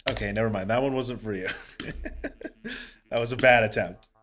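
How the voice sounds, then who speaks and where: A man chatting casually on a live game stream, excitable, laughing often and swearing casually as he talks to viewers. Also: on the low side, normal speed, over music. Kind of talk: casual live-stream chat while gaming.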